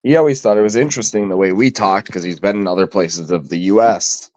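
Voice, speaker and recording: A man's voice: fairly low pitch, fast, darkish tone, slight background noise, rough recording. A man from Minnesota, hosting a casual livestream chat, talking loosely and laughing easily. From Minnesota, USA. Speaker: host.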